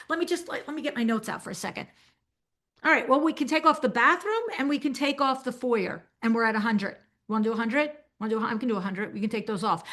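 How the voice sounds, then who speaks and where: An older woman coaching designers in a webinar, talking animatedly and acting out client conversations as she goes. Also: sits high. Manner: animated, acts out client dialogues. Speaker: business coach for interior designers. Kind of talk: webinar teaching.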